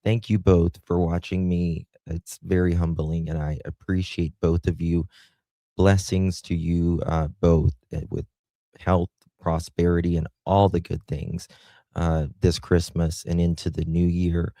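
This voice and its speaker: A man's voice: sits low, little pitch movement, measured pace, mellow, no room sound. A man hosting a casual livestream, thanking viewers one by one with affectionate endearments. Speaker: livestream host. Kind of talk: casual livestream chat, reading viewer comments.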